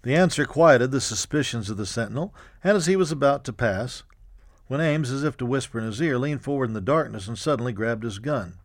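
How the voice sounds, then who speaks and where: A man reading a history audiobook in a measured, even storytelling manner. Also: mid-range voice, no room sound, clean studio sound. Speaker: narrator. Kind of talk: scripted audiobook narration.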